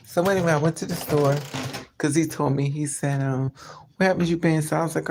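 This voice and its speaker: A woman's voice: low voice, steady tone, fairly quick, a little mellow, a little hiss or hum. A woman chatting casually on a live stream from her car, telling stories and quoting people in raised voices. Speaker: vlogger.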